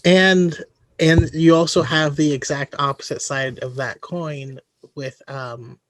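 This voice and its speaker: A man hosting a podcast who talks slowly and hesitantly, with plenty of fillers. His voice sits a little high for a man. He is recorded close and dry. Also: steady tone, no room sound. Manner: hesitant, apologetic, many fillers. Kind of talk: casual podcast discussion.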